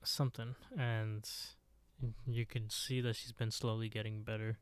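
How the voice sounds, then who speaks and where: A man co-hosting a podcast, chatting casually with short agreeing replies and quick bursts of talk. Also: lowish voice, level tone. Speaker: podcast co-host. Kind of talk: casual recap discussion.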